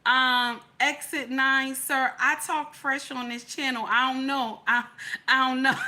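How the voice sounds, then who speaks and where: A woman with a high, bright voice hosts a casual live stream and reads her viewers' comments aloud. She talks in a sassy, teasing, chatty way, and often breaks into loud laughing outbursts. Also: steady tone, a little slow. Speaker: live stream host reading chat.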